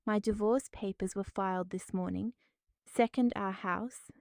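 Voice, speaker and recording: A cold, dignified businesswoman speaks with calm authority in a storybook drama, as a woman reads her. Her tone is smooth and mellow, and the sound is dry and close. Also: medium pitch, a little slow, dry recording. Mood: coldly calm.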